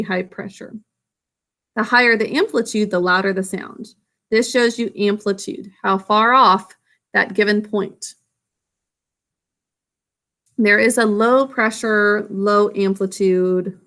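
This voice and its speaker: A woman's voice: medium pitch, steady tone, unhurried, pushed and bright. A woman teacher explaining a science lesson in a casual, self-correcting way to young students. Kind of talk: recorded classroom lesson.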